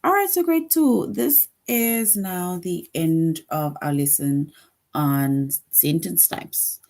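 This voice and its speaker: A woman teaching a grade two class online, speaking in a slightly low voice. She talks at an unhurried, deliberate pace, pausing to read each example sentence aloud before explaining it. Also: darkish tone.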